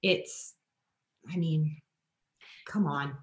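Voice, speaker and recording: Animated woman storyteller, roomy sound. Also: very slow. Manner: animated, acts out quoted people with big pitch jumps. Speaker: guest, influencer and author. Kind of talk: casual podcast storytelling. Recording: roomy echoing room.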